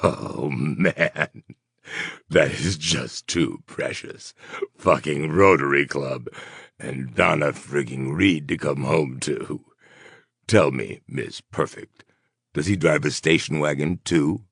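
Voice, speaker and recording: A man voicing a menacing male gunman who mocks his captives in a slow, taunting way. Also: a bass voice, creaky, fairly bright tone, breathy edge, dry recording, clean studio sound, exaggerated voice. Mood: gleeful.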